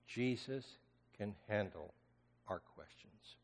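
A man preaching a sermon as pastor, swinging between loud impassioned cries and hushed, almost whispered lines. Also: on the low side, animated, slow. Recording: long hall reverb.

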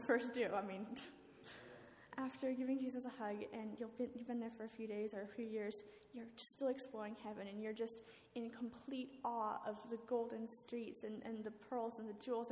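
A woman's voice: a little high, darkish tone. A woman telling a story as a sermon in a church, talking casually with filler words. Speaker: guest speaker. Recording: echoey hall with faint ambience.

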